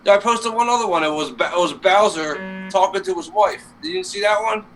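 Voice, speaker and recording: A man with a high voice, talking a little fast in a fairly bright tone, co-hosts a casual live stream, rambling, cursing and using many fillers. Faint music plays behind him, and the distant mic picks up faint noise.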